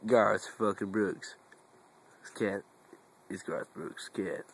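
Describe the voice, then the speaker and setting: A man's voice: on the low side, flat delivery, gravelly, background noise. A man filming on his phone, teasing and cursing as he coos at his lazy cat. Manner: teasing, cursing, drawn-out baby talk to a cat. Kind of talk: casual phone video talking to a pet cat. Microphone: phone camera.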